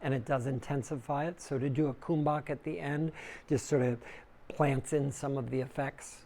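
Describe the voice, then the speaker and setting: Relaxed man giving a casual yoga talk. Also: normal speed. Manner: casual and conversational, acts out inner voices loudly with big pitch jumps. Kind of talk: relaxed spoken teaching to a small group. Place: small room with a live audience.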